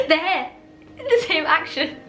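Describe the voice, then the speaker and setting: A young woman, chatting casually and laughing easily as she reacts to and reviews a film. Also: very high voice. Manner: chatty, animated, quick to laugh. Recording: roomy echo.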